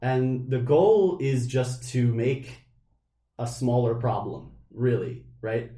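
A man's voice: mid-range voice, warm tone, echoey room. A man co-hosting a podcast, rambling casually and laughing often. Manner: rambling, laughs often, puts on silly voices. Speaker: podcast co-host.

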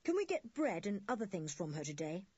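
A polite, practical schoolboy, voiced by a woman narrator speaks plainly in a storybook. The voice is breathy and the sound is dull and dry. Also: medium pitch, big pitch swings, brisk, dark tone, dry recording. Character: sensible, polite older schoolboy.

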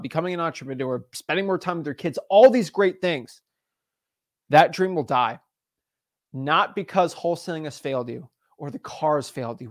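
A man's voice: a little high, no room sound, studio quality. A man giving an intense, preachy motivational talk to camera as a real estate coach, hammering points with repeated phrases.

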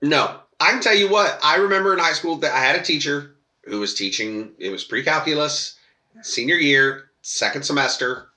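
A man's voice: a little high, moderate pace, bright, forceful tone, reverberant. A man on a casual podcast telling a long personal story, acting out quoted voices and swearing freely. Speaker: podcast co-host.

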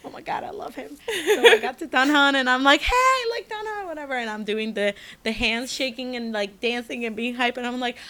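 A young adult woman co-hosting a casual chat, telling a story with lots of animation and jumping high when she acts out quotes. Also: fairly quick, fairly bright tone. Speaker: podcast co-host.

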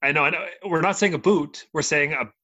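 A man with a Canadian accent co-hosting a podcast, chatting casually and excitedly, often breaking off mid-sentence. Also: fairly high pitch, fast talker, dull audio. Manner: animated, exclaims and trails off mid-sentence. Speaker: podcast co-host. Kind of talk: casual chat.

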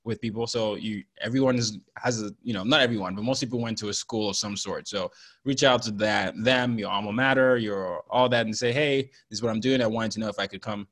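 A man's voice: on the low side, fairly quick, a bit bright. A man from Nigeria, a professional speaker and author, answering interview questions earnestly with examples.

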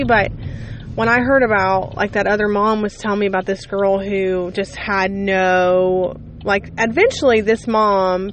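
A woman in her thirties or forties hosting a podcast, chatting casually in an exasperated way with plenty of fillers and asides. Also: mid-range voice. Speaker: podcast host, mother. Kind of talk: casual monologue. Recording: steady vehicle noise behind.

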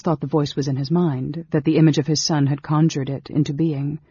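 A man with a husky but fairly high voice narrates a novel as an audiobook, delivering the scripted text in a steady, measured storytelling style. The recording has no room sound but is dull and lo-fi.

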